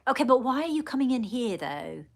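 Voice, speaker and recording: A woman leading a live channelling stream, speaking in halting, repeated phrases and calling her viewers darling. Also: fairly high pitch, big pitch swings, creaky. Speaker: psychic medium.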